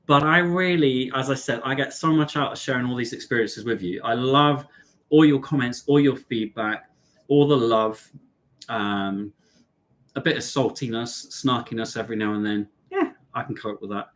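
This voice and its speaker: Excitable male host from the UK, live-stream chat, mid-pitched voice, friendly and animated. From United Kingdom. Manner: chatty and animated, excitable, addresses viewers as darling and lovelies. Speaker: travel vlogger hosting a live stream.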